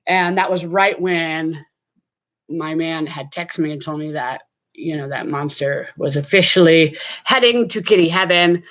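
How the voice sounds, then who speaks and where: A woman's voice: low-pitched, measured pace, fairly bright tone, muffled recording. A middle-aged woman chatting casually to camera from her home, rambling with many fillers. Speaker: vlogger.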